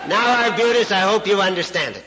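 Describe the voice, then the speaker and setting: With a crowd and other noise in the background, a Canadian guest speaker from Saskatchewan tells folksy, humorous stories to an audience, chuckling along. His high voice is animated and a little fast.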